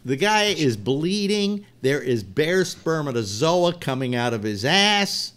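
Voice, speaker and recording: A man hosting a live talk show, telling a long joke in a rambling, animated way with restarts. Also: on the high side, slow pace, clean tone. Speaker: host.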